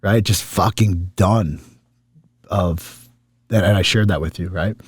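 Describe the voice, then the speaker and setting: A man's voice: low voice, slow pace, husky. A middle-aged man hosting a podcast, talking candidly and emotionally and swearing often. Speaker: podcast host.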